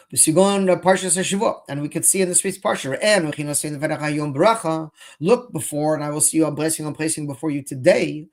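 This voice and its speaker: A man's voice: a little high, animated, fast. A man teaching Chassidus in English with Hebrew and Yiddish phrases mixed in, speaking with impassioned indignation. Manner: impassioned, rising to near-shouting indignation. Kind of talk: Torah lecture.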